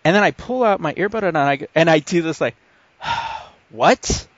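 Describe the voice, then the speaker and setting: A man's voice: fairly high pitch, fast talker, no room sound, dull audio. Man telling a story on a podcast. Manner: animated anecdote with acted-out quotes and profanity. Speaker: podcast host. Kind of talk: casual chat, storytelling.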